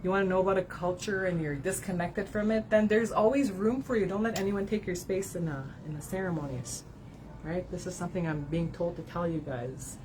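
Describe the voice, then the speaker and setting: A woman with a lowish voice talks a little fast against a noisy background as she gives a card reading on an emotional livestream to her followers. A card reader and spiritual advisor, she speaks candidly, swears, often adds "right?" to her sentences, and is tearful at times.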